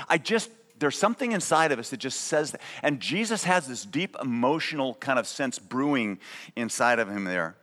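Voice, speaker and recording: A man's voice: mid-range voice, expressive, a little fast, a bit bright. A man preaching a sermon as pastor, conversational and emphatic, often checking in with a "right?". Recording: long reverb of a large hall.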